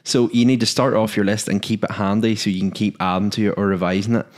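A man hosting a casual podcast chat, joking and chatty. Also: lowish voice. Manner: lively, joking, quick asides. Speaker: podcast host.

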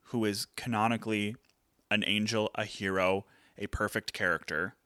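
A man's voice: fairly low pitch, fairly even intonation, moderate pace, bright, forceful tone, smooth, no echo, clean studio sound. A man co-hosting a podcast, chatting earnestly with lots of fillers. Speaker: podcast co-host. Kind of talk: casual chat.

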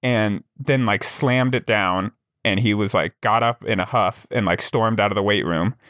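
A man's voice: lowish voice, normal speed, a bit bright, no echo, studio quality. A man co-hosting a podcast, telling stories in a rambling, casual way, filling with "like". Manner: rambling storyteller, heavy use of "like". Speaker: podcast co-host. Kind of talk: casual chat.

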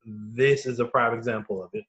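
A man co-hosting a casual movie review chat, relaxed and a little hesitant. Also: mid-range voice, fairly quick. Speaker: podcast co-host.

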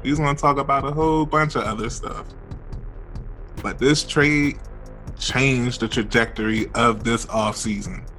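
A man with a deep voice co-hosting a sports podcast, chatting in an animated, emphatic way. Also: a little slow, faint music behind. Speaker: podcast co-host. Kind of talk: casual sports podcast chat.

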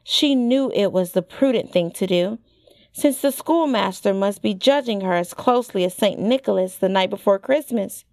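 A woman narrating a storybook in a measured, expressive reading style. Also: medium pitch, no echo, studio quality. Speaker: audiobook narrator.

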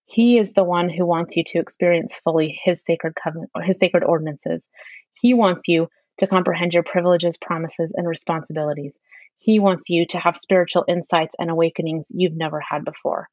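A woman's voice: on the low side, fairly even intonation, fairly quick, a little mellow, no room sound. A woman in a casual religious discussion who speaks earnestly and reads quotations aloud with feeling. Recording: dry, slightly muffled audio.

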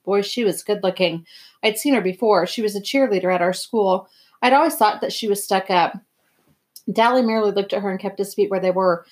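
A woman reading a novel aloud in a plain, even first-person narration. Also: medium pitch, brisk. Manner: plain, even read-aloud with throat clearing. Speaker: reader.

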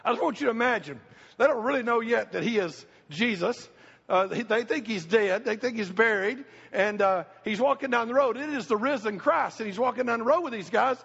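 A man's voice: very high voice, lively intonation, brisk, vocal fry, a bit bright, breathy edge. A middle-aged man preaching a sermon, folksy and emphatic, repeating his key phrases. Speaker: pastor. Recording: reverberant church hall, dull lo-fi sound.

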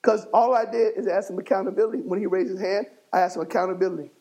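A man preaching a sermon as bishop in a church, working the congregation and rising to shouts. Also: high-pitched, fairly even intonation, fast talker, rough recording. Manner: fiery call-and-response preaching, rising to shouts. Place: church sanctuary.

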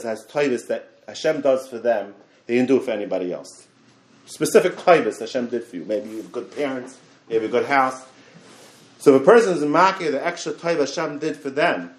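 Animated man teaching a Torah class. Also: medium pitch. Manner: animated, repeats words, fast bursts. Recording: echoey room.

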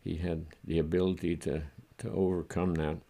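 An older man from the United States, reflecting in a halting, chuckling way during an oral history interview. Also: deep voice, little pitch movement, mellow. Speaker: interviewee recalling his childhood.

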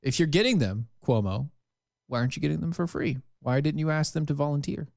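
A man co-hosting a casual political talk show, animated and jokey. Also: on the high side, a little fast, gravelly, dry recording, clean studio sound. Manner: animated, jokey, puts on silly voices. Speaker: podcast co-host.

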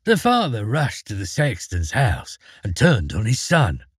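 A husky-voiced man telling a fairy tale, his pitch rising and falling in lively, expressive storytelling. He reads at a measured pace, and the recording is close and dry with no room sound. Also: no echo.

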